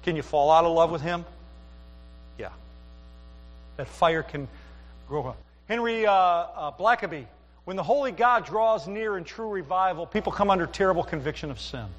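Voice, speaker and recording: A man's voice: sits high, animated, normal speed, long pauses, big-room sound, muffled recording. A middle-aged man preaching a sermon as pastor, telling folksy stories with asides to the congregation. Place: church sanctuary.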